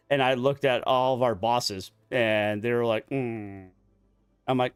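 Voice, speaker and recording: A man's voice: medium pitch, fairly even intonation, measured pace, smooth, dry recording, clean studio sound. A man in his forties chatting casually while gaming online, telling a long, profane story from work in a rambling way. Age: 40s. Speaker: gaming streamer.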